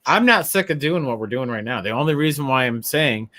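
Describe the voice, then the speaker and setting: A male podcast host in easy, relaxed chat, with short upbeat questions and quick agreement. His voice sits at a middle pitch for a man. He keeps the talk light and friendly. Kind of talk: casual interview chat.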